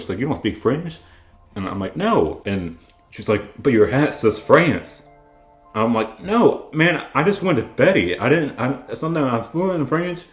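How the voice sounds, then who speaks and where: A man's voice: fairly low pitch, a little mellow. A young man from the American South chatting casually about his hat collection, rambling with frequent restarts. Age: young adult. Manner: rambling, restarts often, laid-back storytelling. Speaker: vlogger. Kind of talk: casual show-and-tell chat. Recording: echoey room with faint music.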